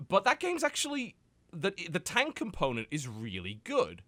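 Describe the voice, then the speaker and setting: A British man hosts a podcast chat, his pitch leaping up and down as he jokes and mimics. The sound is dry and close to the mic, with no room around him. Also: no room sound. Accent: British English. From United Kingdom. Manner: animated, joking, quick to mimic and exaggerate. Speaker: podcast host. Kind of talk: casual chat.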